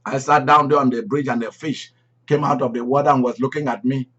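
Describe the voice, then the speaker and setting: A man preaching a sermon, emphatic and repeating key phrases, swinging between loud and soft. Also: mid-range voice, steady tone, brisk. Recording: dull lo-fi recording.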